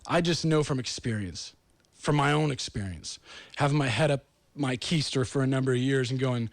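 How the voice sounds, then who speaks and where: A man's voice: mid-range voice, normal speed, vocal fry, no echo. A middle-aged man from the United States hosting his own show, rambling and self-deprecating as he tells stories. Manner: rambling, self-deprecating, animated storytelling with acted quotes. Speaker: host. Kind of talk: casual monologue.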